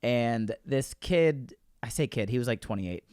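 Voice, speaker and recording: A man from Florida, a comedian guest on a podcast, telling an animated story in casual chat and laughing as he goes. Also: medium pitch, a little slow, clean tone, dry recording, clean studio sound.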